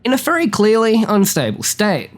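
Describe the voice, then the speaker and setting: A man narrating a video retrospective from a script in a brisk, matter-of-fact way. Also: sits high, huge pitch swings, faint music behind.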